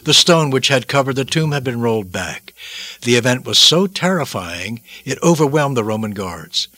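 Husky man preaching dramatically. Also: mid-range voice, expressive, normal speed, no room sound. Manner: solemn, theatrical, with sweeping swings in loudness. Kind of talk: dramatic sermon narration.

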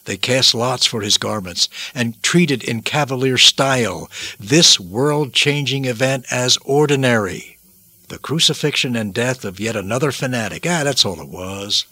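A man preaching a dramatic sermon narration, solemn and theatrical, swinging between hushed and loud. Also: mid-range voice, measured pace, slightly rough, dry recording.

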